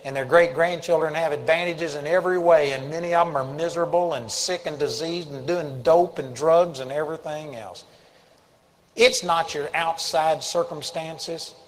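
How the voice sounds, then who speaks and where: A man's voice: a little high, fairly even intonation, moderate pace, low-quality recording. A man preaching a sermon, telling stories earnestly with emphatic rising bursts. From United States.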